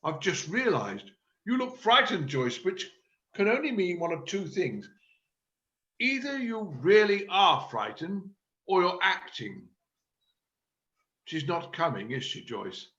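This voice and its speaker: A man's voice: sits high, big pitch swings, slow pace, pauses often, fairly bright tone, dull audio, full character voice. A man playing a pompous frantic theatre director. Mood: strained calm. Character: fussy exasperated male panto director. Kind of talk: amateur play reading. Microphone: video call.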